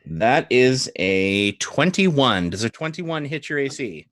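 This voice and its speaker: A man's voice: medium pitch, takes it slowly. A man running a tabletop game as dungeon master, narrating actions and laughing along with players. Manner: relaxed, guiding, laughs often.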